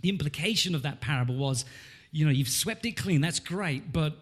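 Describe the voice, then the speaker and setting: Pastor guy giving a sermon in church, bit higher voice, gets fired up on the verses. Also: a little fast, husky. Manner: animated preaching, rising for emphasis on scripture.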